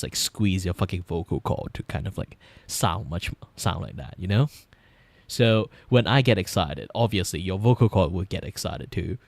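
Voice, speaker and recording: A young man with a Malaysian English accent talks in a fairly low voice, recorded close and dry with no room sound. He rambles through loose, casual stream chatter while he draws, swearing freely and breaking into laughter often. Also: creaky, no echo. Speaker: vtuber streamer. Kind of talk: casual livestream chat while drawing.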